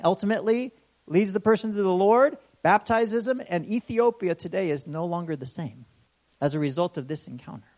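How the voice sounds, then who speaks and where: A man with a high voice preaches in a relaxed, conversational way. He keeps checking in with the listeners and bursts into animated voices when he retells a story. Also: fairly quick. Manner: conversational, often asks "right?". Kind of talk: sermon.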